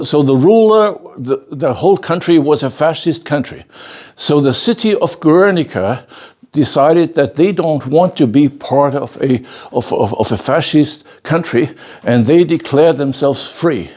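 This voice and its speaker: A fairly high-pitched but darkish male voice belongs to an older man teaching a bonsai masterclass. He lectures by telling a story with emphasis, full of restarts and repeated words, and regularly checks in with a quick "okay?"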